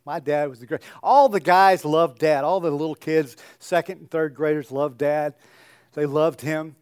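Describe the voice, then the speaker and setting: A man's voice: a little high, steady tone, normal speed, a little mellow, clear, resonant tone, no room sound, studio quality. Older man preaching a chatty sermon. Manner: conversational storytelling with joking asides. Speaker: pastor.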